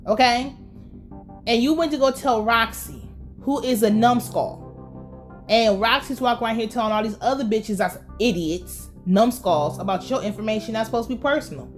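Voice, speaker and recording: A woman's voice: fairly high pitch, moderate pace, faint music behind. A woman giving a casual, blunt and profane recap of a TV episode. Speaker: TV recap vlogger.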